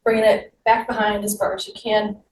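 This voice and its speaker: A fitness instructor leads a guided exercise class, moving along as she gives upbeat, encouraging cues. She speaks fairly quickly in a mid-range voice with little pitch movement, captured by a roomy, distant mic with faint noise.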